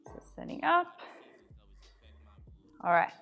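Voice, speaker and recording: A woman fitness coach giving calm cues during a live-streamed workout. She laughs often and is slightly out of breath. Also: lo-fi sound, soft background music. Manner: slow, calm cueing with frequent laughter.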